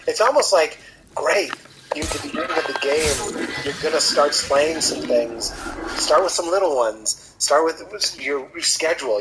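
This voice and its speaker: A man's voice: mid-range voice, a bit bright. Earnest man in his thirties, noisy recording. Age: 30s. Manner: earnest, motivational, thinking aloud. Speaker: podcast host. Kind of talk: casual reflective chat.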